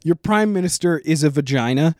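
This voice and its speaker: A man with a high voice that leaps all over its range, ranting and cursing through a casual podcast chat. He laughs often and gets loud. The sound is dry and close, with no room echo. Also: expressive, a little fast. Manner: loud, laughing, profane rants. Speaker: podcast host.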